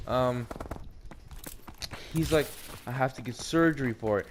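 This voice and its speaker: A young man, likely a teen, telling a personal story while gaming, halting and repeating words, swearing now and then. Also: mid-range voice, noisy background. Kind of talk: casual storytelling over gameplay.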